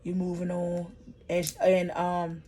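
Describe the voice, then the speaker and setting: A woman talks through TV episodes in a loose, slangy vlog recap, swearing freely. Her voice sits on the low side, and her pace and loudness keep shifting as she tells the story. A faint hum of room ambience sits behind her. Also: completely flat delivery, takes it slowly. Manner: slangy and profane, chatty storytelling. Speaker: vlogger reviewing a TV series.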